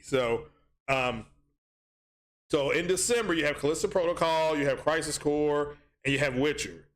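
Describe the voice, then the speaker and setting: A man's voice: a little high, a little slow. A man hosting a casual gaming livestream, rambling with many ums and restarts as he reads chat aloud.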